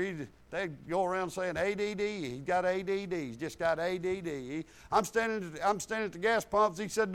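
A man preaching a sermon, retelling talks with God and mixing scripture quotes with folksy plain talk. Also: high-pitched.

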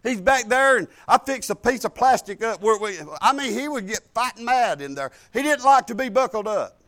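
Older male pastor, high-pitched, folksy sermon with hushed asides and bold shouted points. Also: lively intonation, normal speed. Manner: swings from soft asides to bold preaching shouts. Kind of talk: storytelling sermon.

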